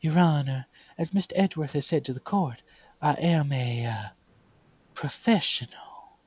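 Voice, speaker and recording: A man voicing a sassy Southern woman, a former detective turned lunch vendor, with a put-on Southern drawl and a husky sound. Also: on the high side, animated, moderate pace, darkish tone, no echo. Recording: dull lo-fi recording.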